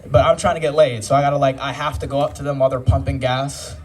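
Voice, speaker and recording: A man's voice: mid-range voice, level tone, fast. A man in his twenties doing a stand-up comedy set, with proper, formal-sounding speech and a dry delivery. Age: 20s. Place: live comedy club stage. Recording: distant live club recording with crowd laughter.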